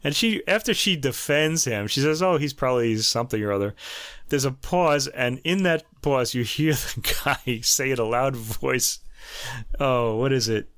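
A man hosting a casual classical music review, chatty and digressive, laughing at his own jokes and slowing down to spell out foreign terms. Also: mid-range voice, a bit bright, no room sound. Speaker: host reviewing a classical album.

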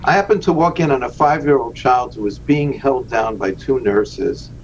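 Earnest man on a dull remote line. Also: mid-range voice. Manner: earnest, slows down for emphasis. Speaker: guest, rabbi and charity founder. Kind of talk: storytelling in a podcast interview. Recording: dull lo-fi remote audio with faint noise.

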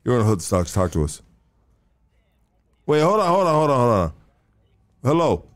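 A man hosting a call-in podcast, joking and trash-talking callers in street slang, ranting loudly at times. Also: medium pitch, normal speed. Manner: profane, joking street slang, says "dog" constantly; gets loud and animated when ranting. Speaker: podcast host taking calls. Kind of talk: casual call-in podcast banter.

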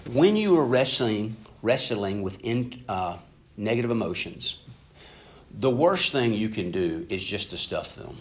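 A man preaching a sermon in an earnest, conversational way, swinging between loud and hushed passages. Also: lowish voice, big pitch swings, measured pace. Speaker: pastor.

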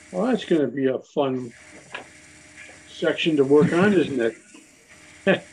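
Gravelly-voiced man teaching a Bible study. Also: on the high side, moderate pace, long pauses, a little mellow, slight background noise, poor audio. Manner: conversational, with frequent fillers and restarts.

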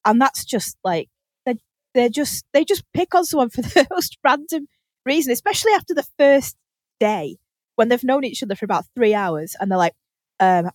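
A woman's voice: a little high, expressive, normal speed, dry recording. A woman hosting a podcast, telling a story in casual chat with lots of laughter and freely swearing. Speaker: podcast host.

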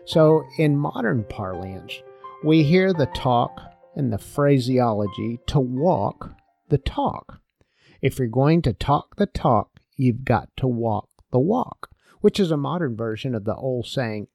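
An older man giving a devotional talk, an expressive storyteller. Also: mid-range voice, slow pace, gravelly, faint music behind. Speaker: speaker.

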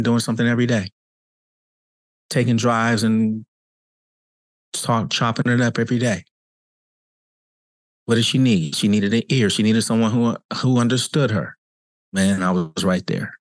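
A medium-pitched man, recorded dry, speaks as a cancer coach and podcast host. His reflective motivational monologue is earnest and conversational, with frequent repetition for emphasis.

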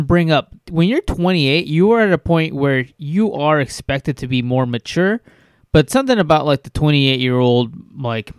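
A man's voice: a little high, clean tone, no room sound, clean studio sound. A man co-hosting a casual chat, retelling a story with frequent hesitations. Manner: hesitant storytelling with many "um"s and restarts. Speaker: podcast co-host.

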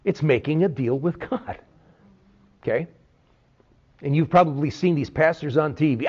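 A man teaching a Bible sermon in an animated way, often checking in with "okay?". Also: a little high, moderate pace, pauses often, breathy edge. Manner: animated, peppers talk with "okay?". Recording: dull lo-fi recording.

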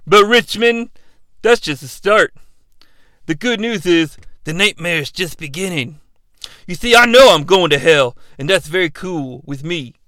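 A man's voice: lively intonation, bright, forceful tone, no room sound, full character voice. A man impersonating a brooding wrestler villain. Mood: menacing. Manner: slow, low, brooding threats. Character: menacing male wrestler villain cutting a promo.

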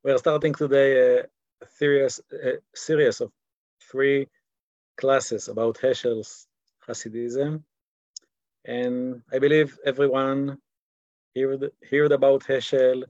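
Halting Israeli man teaching online. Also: mid-range voice, flat delivery, a little mellow, no echo, dull audio. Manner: halting, repeats words while searching for English. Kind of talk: online class lecture. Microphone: video call.

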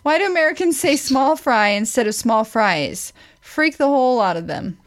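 A woman with a somewhat high voice hosts a relaxed chat. She reads questions from a list one after another. Her delivery is dry and teasing. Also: moderate pace. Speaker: podcast co-host.

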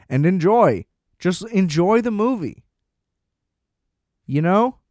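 A man's voice: high voice, expressive, drawn-out words, darkish tone, dry recording, studio quality. A man ranting in casual commentary, profane and sarcastic, exasperated and laughing at his own jokes.

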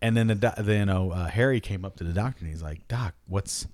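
A man co-hosting a casual comedy talk, telling a long joke in an animated way. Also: lowish voice, quick pace. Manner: lively, animated joke-teller, drops to a hush for effect. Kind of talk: storytelling a dark joke, casual banter.

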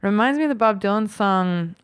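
A woman's voice: mid-range voice, animated, a little fast, clean tone, no echo. Chatty woman podcast co-host, dry close mic. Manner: chatty, laughs often, many fillers. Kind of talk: casual chat.

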